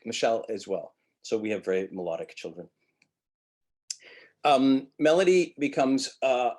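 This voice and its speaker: A man's voice: lowish voice, breathy edge. A middle-aged man from Montreal teaching acting in a webinar, talking in a very melodic way and demonstrating with vocal sounds. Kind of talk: webinar lecture.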